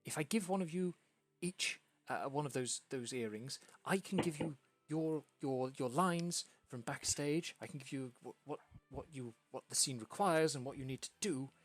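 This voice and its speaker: A man's voice: on the high side, normal speed, hardly any pauses, no echo, voice pushed up, lightly acted. Man voicing a flustered theatre lady, eager, anxious, stammers and repeats words, tabletop game.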